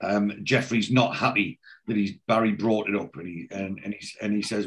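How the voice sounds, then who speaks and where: A man's voice: fairly low pitch, normal speed, hardly any pauses. A man in casual podcast chat, retelling a TV episode scene by scene, quoting the dialogue and swearing freely. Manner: animated storyteller, slips in and out of quoted lines, swears casually. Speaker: podcast co-host recapping a TV series.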